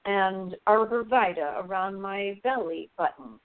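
A woman guest on a radio show, telling a personal story in an earnest, halting way with many fillers. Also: mid-range voice, no echo. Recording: thin phone line, dry.

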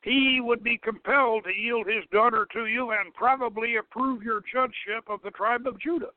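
A man's voice: extremely high pitch, steady tone, moderate pace, dry recording, pitched above the performer's own voice. A man voicing a scheming old male prophet advisor who speaks earnestly and persuasively. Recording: dry, tinny phone-like radio sound.

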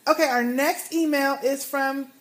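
A woman co-hosting a casual fan podcast, reading listener emails aloud and adding her own lively asides. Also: sits high, measured pace. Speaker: podcast co-host.

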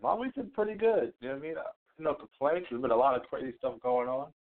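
A man's voice: mid-range voice, very animated, fast talker. A man co-hosting a casual sports and music chat, laid-back and chuckling. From the Bronx, New York. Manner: laid-back, repeats "you know what I mean", chuckles. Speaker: podcast co-host. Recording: tinny phone-line sound.

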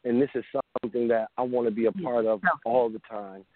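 A man's voice: mid-range voice, steady tone, fairly quick, no room sound. A middle-aged man calling in to a talk show, speaking with fervent, preacher-like emotion and sounding choked up. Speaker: caller. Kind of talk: impassioned call-in testimony. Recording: dry, tinny phone line.

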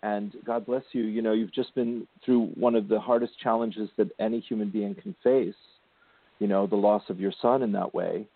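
A man's voice: fairly low pitch, steady tone, normal speed, vocal fry, no echo. Male spiritual radio host, soothing and affectionate, tinny phone-line audio, dry sound. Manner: soothing, affectionate, calls caller sweetie and darling. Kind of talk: gentle spiritual counseling chat.

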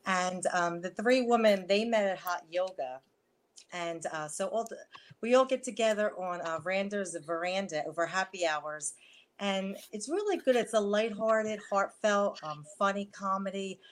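A woman with a Philadelphia accent, talking as a guest actress in a casual video call interview, rambling and chatty with frequent laughter. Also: on the low side. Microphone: wireless earbuds at first.

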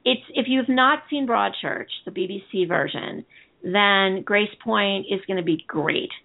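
A woman's voice: medium pitch, measured pace, creaky. A woman co-hosting a TV discussion show, chatting casually and rambling as she reads listener comments aloud. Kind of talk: casual chat. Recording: tinny phone-line sound.

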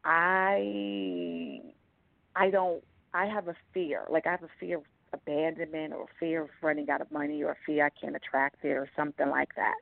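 Woman caller who keeps restarting her sentences, gravelly fry, heard over a tinny phone line. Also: deep voice, expressive, normal speed, dry recording.

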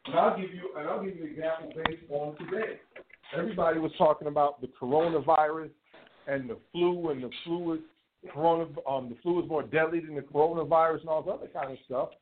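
A man's voice: fairly high pitch, quick pace, a little hiss or hum. A male radio show host telling stories in casual slang, repeating words as he talks. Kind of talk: casual storytelling chat. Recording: echoey tinny phone-like line, distant mic.

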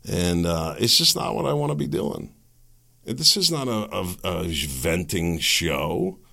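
Low gravelly man ranting on a podcast. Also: sing-song, bright, forceful tone. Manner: agitated, ranting with sarcastic laughs; rhetorical questions, halting restarts. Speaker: podcast host. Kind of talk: opinion podcast monologue.

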